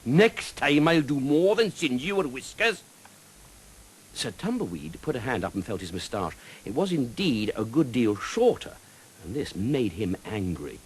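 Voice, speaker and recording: A man narrating a children's storybook with lively, expressive storytelling. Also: lowish voice, slightly rough, low-quality recording.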